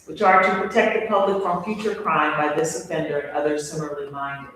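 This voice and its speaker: A man presiding as judge, measured and formal, reading legal wording plainly. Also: a little high, fairly even intonation, fairly bright tone. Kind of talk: formal courtroom proceedings. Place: large echoey courtroom. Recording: echoey courtroom from far off, faint hum.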